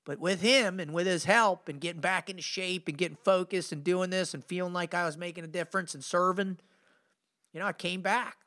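High, bright-voiced energetic man. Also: a little fast. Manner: energetic, informal, peppers speech with "man" and "you know"; intense, emphatic storytelling. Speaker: podcast host and motivational speaker. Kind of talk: motivational storytelling.

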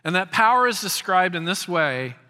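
Pastor in his 50s, fairly high bright voice, emphatic sermon, stutters into phrases, long hall echo. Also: very animated, moderate pace. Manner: emphatic, repeats words when starting phrases.

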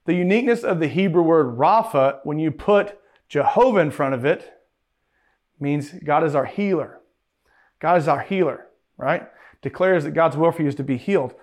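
Emphatic preacher man, fairly high voice. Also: moderate pace. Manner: emphatic, repeats key phrases, asks rhetorical questions. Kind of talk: sermon.

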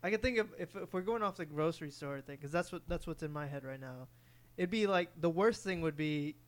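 A man's voice: a little high, a little fast. A man co-hosting a podcast, chatting casually and dropping wry quips. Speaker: podcast co-host. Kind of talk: casual chat.

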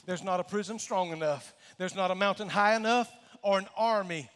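Pastor guy, bright high voice, booming sermon in a big echoey church. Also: normal speed, clear, resonant tone. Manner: preaching with dramatic swells into shouting. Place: church sanctuary. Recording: long church hall reverb.

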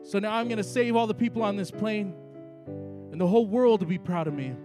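A man's voice: sits high, brisk, music in the background, lightly acted. A man playing a needy young son who speaks in an earnest, self-pitying, whiny way. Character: needy young adult son desperate for approval.

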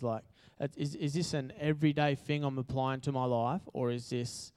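A man's voice: mid-range voice, little pitch movement, moderate pace, hardly any pauses, darkish tone, clear, resonant tone. Chatty Australian man preaching. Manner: chatty, self-deprecating, lots of fillers. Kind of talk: casual sermon. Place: church hall.

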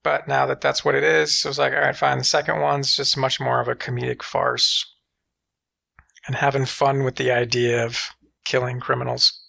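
A man chatting loosely about superhero movies, his voice heavily gravelly with a bright, forward edge. He talks in an animated, profane way and keeps slipping into quick acted-out reactions. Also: medium pitch. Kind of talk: casual film discussion.

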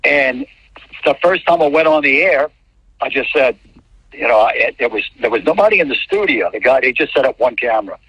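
A husky-voiced man from New Orleans tells an interview story, restarting and repeating words as he goes. His voice has a dull, lo-fi quality, and the recording is dry and close. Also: mid-range voice, lively intonation, brisk, a bit bright, no echo. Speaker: TV sportscaster.

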